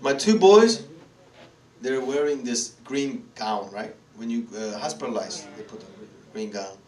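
Korean accent pastor guy, middle aged, preaching his story all animated, sounds far off in a roomy hall. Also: medium pitch, unhurried. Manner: animated storytelling, acts out voices, laughs often, sings. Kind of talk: sermon testimony. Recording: echoey room from far off, faint noise.

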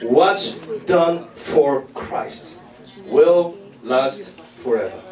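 A man, preaching a sermon as pastor, talking back and forth with the congregation and breaking into shouts and laughter. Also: a little high, animated, extremely slow. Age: 40s. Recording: echoey hall from far off with crowd.

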